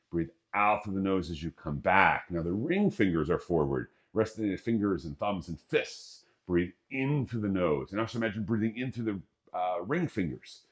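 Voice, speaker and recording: This qigong instructor has a deep voice and guides breathing exercises in a casual, jokey manner. He talks his listeners through each breath as part of a guided exercise session.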